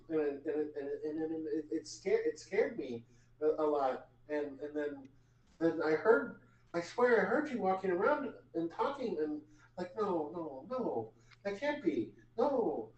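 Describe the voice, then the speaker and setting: Guy putting on a shaken, teary woman who keeps tripping over her words, pitched a bit high and heard from off the mic in a roomy space. she rambles on, repeating every other word. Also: sing-song, measured pace, a little mellow, far from the mic, lo-fi sound. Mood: shaken, rambling. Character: tearful, flustered woman, rambling in shock.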